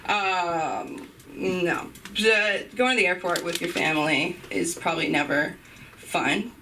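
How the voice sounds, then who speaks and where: A young woman doing a rambling stand-up set on a club stage, breaking off into loud impressions. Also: lowish voice, slow, creaky, distant mic, slight background noise, poor audio. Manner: rambling, self-interrupting, bursts into shouted impressions. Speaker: stand-up comedian.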